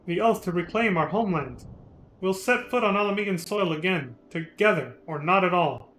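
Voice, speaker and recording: A man voicing a stern, fiercely loyal male resistance captain as he reads game dialogue aloud, commanding and gruff. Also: sits high, animated, moderate pace, fairly bright tone, low-quality recording. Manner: commanding, gruff, scolds with affection.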